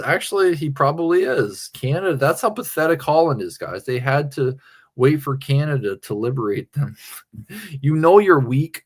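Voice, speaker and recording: A man from Pennsylvania, tipsy from drinking, rambling crudely and off the cuff to his livestream chat. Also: mid-range voice. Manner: meandering, crude, self-interrupting.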